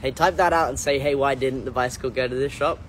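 A man's voice: mid-range voice, steady tone, fast, slight background noise. A man hosting a casual livestream, reading out viewer comments and answering in a rambling, playful, self-correcting way.

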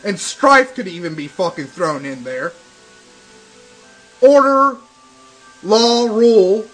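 A man's voice: high-pitched, lively intonation, slow, a bit bright, rough recording. A young man doing profane, sarcastic let's play commentary, ranting and swearing constantly. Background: game music.

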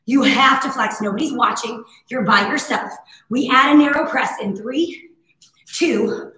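A woman fitness instructor with a hoarse, husky voice, cueing breaths and moves in a casual, encouraging live workout class. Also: on the high side, a little slow, pushed and bright. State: hoarse from overuse. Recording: very echoey room.

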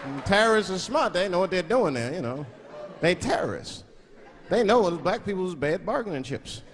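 A man's voice: high voice, moderate pace, in a large hall. A man performing a stand-up comedy routine on stage, slipping into mock voices as he tells stories. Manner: animated, switches into mock voices. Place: comedy stage before a live audience. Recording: live show with crowd and noise.

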